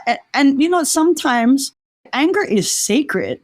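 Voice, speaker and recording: A woman's voice: sits high, sing-song, unhurried, no room sound. A woman from Oahu, a podcast guest talking in an earnest, reflective way and often restarting her sentences. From Oahu, Hawaii. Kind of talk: reflective casual conversation.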